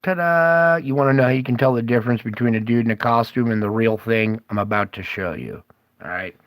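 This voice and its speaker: Hosting a conspiracy video, a man talks fast in a fairly low, steady voice, wandering from point to point. He keeps breaking off to quiz the viewer, asking "okay?" over and over, in a dry recording.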